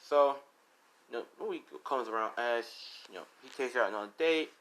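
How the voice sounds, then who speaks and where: A man's voice: medium pitch, moderate pace, fairly bright tone. A man casually telling a fan story, rambling and full of fillers as he retells who said what.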